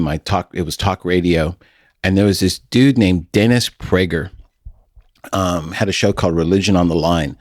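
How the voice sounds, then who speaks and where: A middle-aged man hosts a casual podcast with a folksy, storytelling way of talking. His voice sits low and sounds dry and close to the mic. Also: a little mellow, no room sound. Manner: folksy, storytelling, laughs often. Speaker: podcast host.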